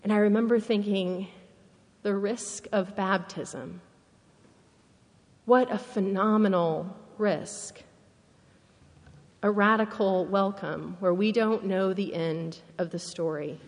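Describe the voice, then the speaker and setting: A woman minister preaching a sermon, telling a story slowly and earnestly, dropping to a hushed, solemn tone. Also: medium pitch, steady tone, long reverb tail. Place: church sanctuary.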